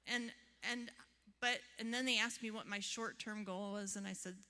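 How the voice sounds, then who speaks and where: A woman's voice: mid-range voice, fairly even intonation, normal speed, pushed and bright. A woman therapist giving a seminar talk to a live audience, telling chatty stories and asking the room questions. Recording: long hall reverb.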